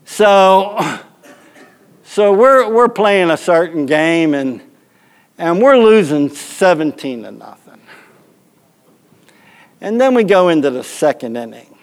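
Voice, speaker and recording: A man with a fairly high voice preaches through a long, comic story of his own. He rambles with many restarts and often breaks into laughter, his pitch swinging up and down. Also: takes it slowly, pauses often. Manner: animated, rambling anecdote with frequent laughter. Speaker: pastor. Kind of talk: storytelling sermon.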